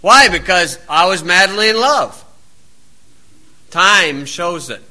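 A man's voice: sits high, expressive, takes it slowly, sharp tone. A male preacher delivering a blunt, plain-spoken, scolding sermon.

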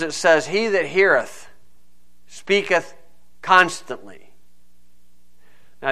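Male preacher, folksy and digressive, bright pushy tone, a touch high-pitched. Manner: folksy, digressive Bible teaching. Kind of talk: sermon.

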